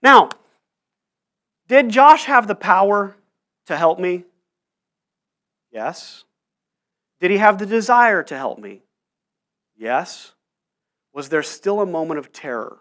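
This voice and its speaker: A man's voice: high-pitched, sing-song, takes it slowly, pauses often, a bit bright. A man around forty, a pastor preaching a sermon, telling stories and checking in with the room with frequent asides. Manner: storytelling with frequent "right?" asides. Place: church.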